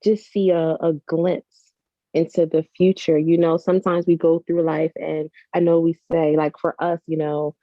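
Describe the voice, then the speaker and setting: A woman's voice: low-pitched, little pitch movement, normal speed, dry recording. A woman, an author and mother, speaking earnestly and emotionally as an interview guest, restarting her sentences often. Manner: earnest, effusive, full of "like" and restarts. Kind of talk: heartfelt conversational interview. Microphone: video call. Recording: dull lo-fi video call audio.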